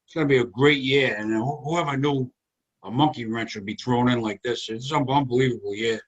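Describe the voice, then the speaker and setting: On a lo-fi video call, a sixty-something comedy host with an Italian-American accent talks fairly fast in a medium-pitched voice. Rambling and warm, he drifts into reminiscences.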